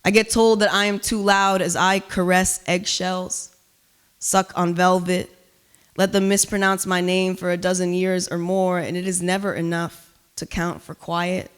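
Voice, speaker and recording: Intense woman poet, smooth clear voice. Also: lowish voice, little pitch movement, a little slow. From Cuba. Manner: loud, emphatic, intense delivery. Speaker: spoken word poet. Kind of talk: spoken word poetry performance with chatty asides. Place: live reading at an art gallery.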